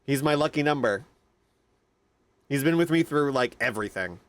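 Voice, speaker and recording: A man streaming a game live, chatting casually with loud, excitable outbursts. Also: medium pitch, moderate pace. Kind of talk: casual live-stream chat over gameplay.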